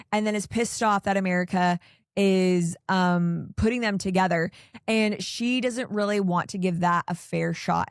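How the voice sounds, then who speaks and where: A woman's voice: lowish voice, dry recording, clean studio sound. A woman hosting a podcast, recapping reality TV in an exasperated, rambling way, full of "like" and "I don't know". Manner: exasperated, opinionated ranting. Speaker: podcast host. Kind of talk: casual reality TV recap chat.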